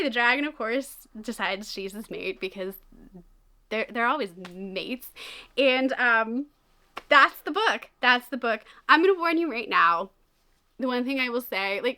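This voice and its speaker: A young woman chatting casually about books she has read, animated and often laughing as she talks. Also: on the high side. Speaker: book reviewer. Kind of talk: casual book review chat.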